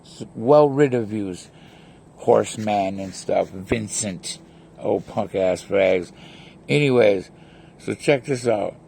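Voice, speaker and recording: A man's voice: on the low side, takes it slowly, gravelly, warm tone, a little hiss or hum. A man vlogging an angry, profane rant, telling a story packed with insults. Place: home, near a pet cat.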